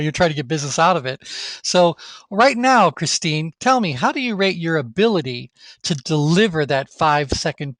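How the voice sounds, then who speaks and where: A man's voice: mid-range voice, a bit bright, no echo. A man leading a live online training session, talking through ideas with the class in a conversational, think-aloud way and asking them questions. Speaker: course instructor.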